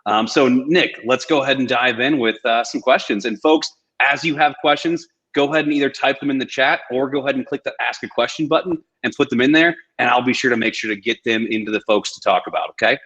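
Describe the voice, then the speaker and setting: A man's voice: medium pitch, brisk, few pauses, fairly bright tone. A man hosting a webinar in an upbeat, joking, casual way over a video call. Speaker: webinar host. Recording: muffled video call audio.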